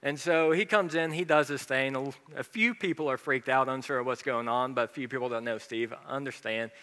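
A man preaching in a relaxed, chatty way, filling gaps with ums and uhs as he tells his own story. His voice is bright and ringing. It carries through a hall with a long echo. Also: medium pitch, a little fast, smooth. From American South. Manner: casual, conversational preaching with many fillers. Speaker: pastor. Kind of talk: sermon with personal story.

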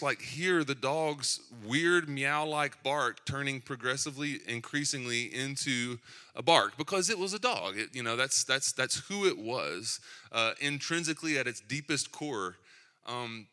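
A man's voice: mid-range voice, a little slow, sharp tone. A middle-aged man preaching a sermon in a church, conversational and joking between points, with asides about his kids. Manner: conversational, self-deprecating asides. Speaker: pastor.

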